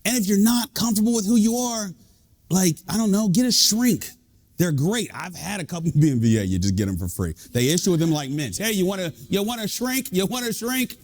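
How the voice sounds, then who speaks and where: A man, an executive coach and leadership speaker, giving a lively, joking talk to a live audience. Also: sits high, brisk. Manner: lively, joking, animated delivery.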